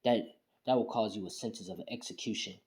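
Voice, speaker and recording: A man's voice: fairly low pitch, brisk, a little mellow, lightly acted. Man telling of a stern old village leader. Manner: casual, plain retelling.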